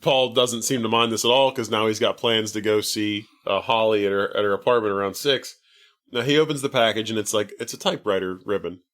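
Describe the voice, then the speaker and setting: A man co-hosting a podcast, casually retelling a film plot with lots of fillers and pitching up when he quotes characters. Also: steady tone, fairly quick, a bit bright. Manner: rambling, filler-heavy retelling, lifts his pitch for quoted lines. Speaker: podcast co-host. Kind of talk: casual movie recap chat.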